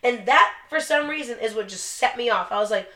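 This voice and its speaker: A young woman co-hosts a podcast in casual, swear-filled chat. Her voice is bright and forceful. The room gives it a roomy echo. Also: on the high side, expressive, brisk. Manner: profane, blunt storytelling with laughs. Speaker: podcast co-host.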